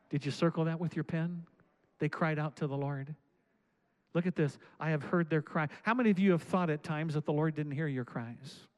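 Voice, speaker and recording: Male pastor, high voice, reads scripture and then exhorts loudly. Sermon delivery. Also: rough recording. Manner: preaching with rising, shouted exhortations.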